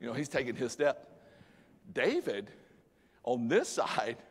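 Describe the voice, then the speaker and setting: A male pastor preaching a sermon, animated and dramatic, mixing Bible story with casual slang. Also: mid-range voice, slow, slightly rough. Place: church sanctuary. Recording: long church hall reverb.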